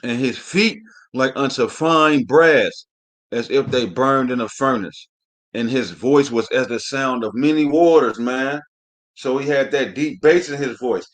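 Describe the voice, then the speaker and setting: A man's voice: medium pitch, unhurried. Blunt preaching man on a live stream. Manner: reads scripture aloud then comments on it; coarse, swears freely. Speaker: online class teacher. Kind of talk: live-streamed scripture class.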